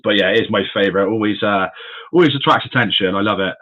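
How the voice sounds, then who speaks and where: Chatty bloke hosting a live stream, lowish voice with a bright edge, dull lo-fi audio. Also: male voice, quick pace. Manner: chatty and friendly, addresses viewers as mate and buddy. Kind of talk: casual live-stream chat. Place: indoors in his room of animal enclosures.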